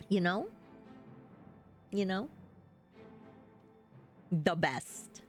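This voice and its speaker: A woman's voice: medium pitch, lively intonation, measured pace, pauses often, faint music behind. A woman with a New York accent, chatting casually with her live-stream viewers and laughing often as she answers them.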